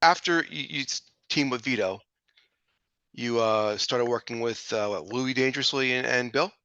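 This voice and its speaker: A male interviewer who asks short, direct questions and reacts in brief bursts. His voice is bright and forceful, recorded with dull, lo-fi audio in a dry space. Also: medium pitch, moderate pace, smooth, dry recording. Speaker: interview host. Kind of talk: casual interview.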